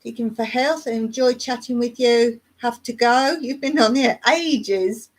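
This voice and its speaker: Fairly high-pitched and measured in pace, this YouTube channel host is a middle-aged woman from England with a Surrey accent. During a live chat she reads viewers' comments aloud and responds chattily, rambling, with frequent laughs and fillers.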